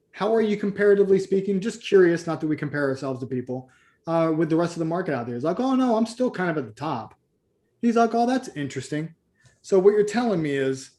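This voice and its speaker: A man's voice: fairly high pitch, a little mellow. A man leading a live group coaching call, telling stories and acting out the voices of the people in them. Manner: storytelling, acts out quoted voices. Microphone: video call.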